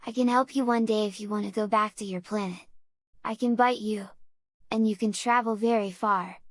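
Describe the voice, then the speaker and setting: A woman voicing a calm, knowing male desert snake in a storybook reading, speaking slowly, quietly and deliberately. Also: mid-range voice, no echo, clean studio sound, lightly acted.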